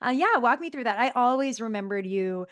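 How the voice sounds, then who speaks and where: A woman's voice: on the high side, lively intonation, a little fast, a bit bright, dry recording. A woman hosting a podcast, asking questions in a casual, searching way with lots of fillers. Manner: searching for words, many fillers, friendly. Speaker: podcast host. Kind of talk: casual interview.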